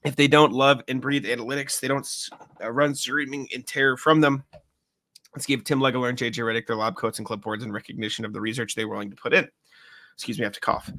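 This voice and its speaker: Bright young man reading listener mail. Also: medium pitch, fairly even intonation, quick pace. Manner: reads aloud with slips and self-corrections. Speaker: podcast co-host. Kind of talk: reading listener email aloud, casual chat.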